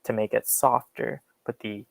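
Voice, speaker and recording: A man's voice: mid-range voice, fairly even intonation, measured pace, vocal fry, no echo, poor audio. A young American man giving an online class talk, explaining at an easy pace with lots of fillers. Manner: casual, uses many fillers, explains with examples. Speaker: guest speaker on accents.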